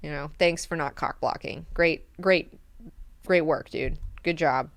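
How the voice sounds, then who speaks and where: A woman's voice: sits low, a little slow, dry recording. A woman voicing an ancient male god-emperor, imperious yet casual and sarcastic, with some swearing.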